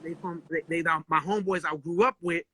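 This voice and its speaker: A man voicing an easygoing adult male rapper friend who is sick, talking in relaxed slang. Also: fairly high pitch, fairly quick, breathy edge, low-quality recording. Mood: casual.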